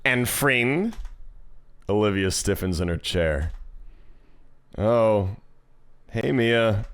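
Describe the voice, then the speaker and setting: Joking man reading a game aloud. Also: lowish voice. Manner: profane, jokey asides to chat. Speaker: streamer reading a visual novel. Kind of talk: reading aloud with casual reactions.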